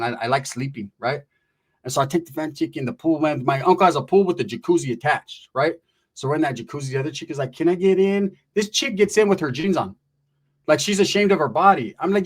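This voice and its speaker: A man telling a rambling comic story in crude, profane language, acting out the people he quotes. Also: medium pitch.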